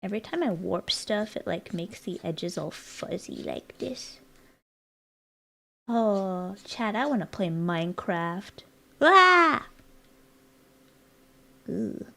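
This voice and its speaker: A woman's voice: fairly low pitch, takes it slowly, vocal fry. An American woman streaming live, chatting casually and playfully with her viewers while she works on a design. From United States. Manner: chatty, playful, teasing, rambling asides to chat.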